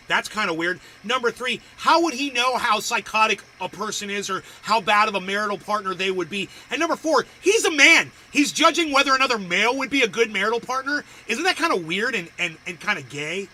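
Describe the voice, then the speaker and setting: A man's voice: high-pitched, animated, brisk, hardly any pauses, pushed and bright, slight background noise, low-quality recording. A man hosting a livestream, reacting to videos with profane, crude ranting and insults. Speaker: livestream host.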